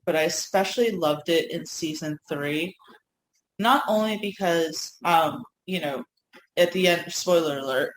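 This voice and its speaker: A woman's voice: lowish voice, slight background noise. Enthusiastic woman chatting in an echoey room. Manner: enthusiastic, lots of fillers. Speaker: co-host. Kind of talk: casual podcast chat. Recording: echoey room, faint ambience.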